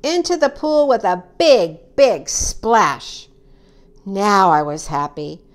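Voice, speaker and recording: Animated woman reading a children's story. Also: slow pace. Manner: animated, acts out characters with high excited cries. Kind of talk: children's story read-aloud.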